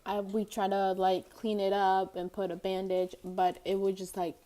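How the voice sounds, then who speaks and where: A woman's voice: mid-range voice, completely flat delivery, normal speed, dark tone. A young woman vlogger telling a casual storytime, rambling with lots of fillers and giggling between thoughts.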